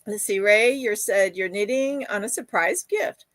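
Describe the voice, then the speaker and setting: This crochet livestream host speaks in a mid-range, slightly bright voice, a little slowly, and the recording is dry. Using her streaming setup, she chats away, reads viewers' comments and spins stories packed with fillers and quoted voices.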